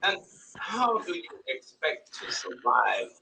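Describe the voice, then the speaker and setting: Blustering profane old dad. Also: male voice, on the high side, sing-song, slow pace, creaky, full character voice. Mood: mocking. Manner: shouting, blustery, swearing. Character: brash older father, loud and profane. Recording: film audio played from a TV, picked up from across a room with noise.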